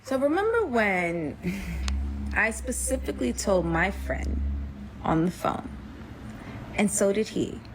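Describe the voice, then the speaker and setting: A woman telling a personal story in a casual, animated way, acting out quotes and saying "like" a lot. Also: mid-range voice, slow, long pauses, background noise. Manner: animated, acts out quotes, frequent "like". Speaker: storyteller guest.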